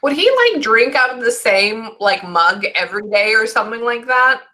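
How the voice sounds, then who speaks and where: A woman giving a casual reading as a psychic medium, halting often to listen and sometimes dropping into soft near-whispers. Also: a little high. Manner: halting, keeps breaking off to listen. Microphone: recorded session.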